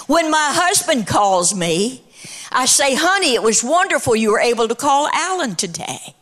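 This middle-aged woman preacher speaks at normal speed in a high register with big swings in pitch. Her sermon rolls along in a rhythmic cadence, rises to shouts, and then moves into storytelling.

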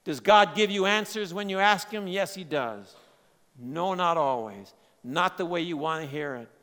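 A man preaching a sermon, swinging between loud emphatic lines and quiet, low asides. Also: animated, normal speed. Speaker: pastor. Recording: long hall reverb.

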